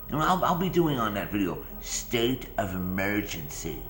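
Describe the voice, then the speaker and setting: A man's voice: on the low side, sing-song, normal speed, a bit bright, echoey room, soft background music. A man hosting a morning rant vlog, rambling and sarcastic, often repeating his phrases. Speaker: vlog host.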